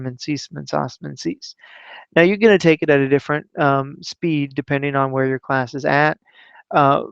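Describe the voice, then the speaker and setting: A relaxed man talks through classroom Latin drills, pausing on ums before rattling off chanted verb endings in a smooth, resonant voice. The sound is close and dry, with a slightly dull, muffled top end. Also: on the high side, no room sound. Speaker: Latin teacher. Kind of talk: explaining classroom Latin recitation.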